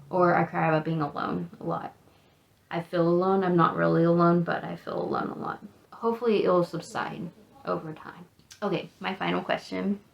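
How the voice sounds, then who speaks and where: Gravelly, chatty American woman vlogger. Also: on the low side, muffled recording. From United States. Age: 30s. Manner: chatty, rambling, self-deprecating. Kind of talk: casual get-to-know-me vlog.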